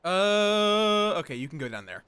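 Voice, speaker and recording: High, lively-voiced tired male streamer. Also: measured pace, smooth, no room sound. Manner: muttering to himself, thinking aloud. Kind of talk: casual gameplay commentary.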